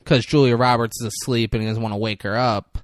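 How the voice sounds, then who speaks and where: A man's voice: mid-range voice, fast, no room sound, studio quality. A man co-hosting a podcast, recapping a movie in casual chat and acting out the characters' lines. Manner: animated, acts out lines in put-on voices. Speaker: podcast co-host. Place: podcast studio.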